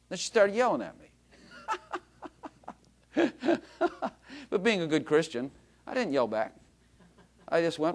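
A man's voice: a little high, moderate pace, pauses often. A man preaching a sermon, telling jokey stories about himself and calling out to the congregation. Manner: animated, joking storytelling with the congregation. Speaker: pastor.

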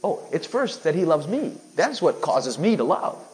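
Man, preacher, sermon, fairly high voice, emphatic, rhetorical questions. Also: sing-song, moderate pace, rough recording.

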